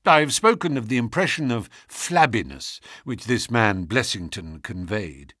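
A man narrating a classic novel audiobook in a measured storytelling manner. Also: breathy edge, no echo, studio quality. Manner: measured storytelling with expressive pitch.

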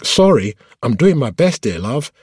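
A man voicing a frantic cab driver who shouts back apologetically, then sarcastically, mid-chase. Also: mid-range voice, very animated, a little slow, breathy edge, no room sound, studio quality, voice pushed up, heavily acted.

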